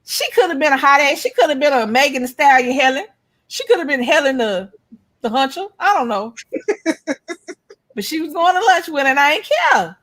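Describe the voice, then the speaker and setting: A middle-aged woman, telling animated, profane stories in casual chat as a co-host. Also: high-pitched, a little fast. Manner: animated storytelling, blunt and profane.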